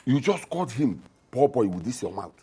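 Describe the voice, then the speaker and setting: A man's voice: medium pitch, very animated, fairly quick, natural voice. A man playing a scornful Nigerian father. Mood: mocking. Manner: mocking, loud, repetitive. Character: scornful middle-aged father, blunt and mocking.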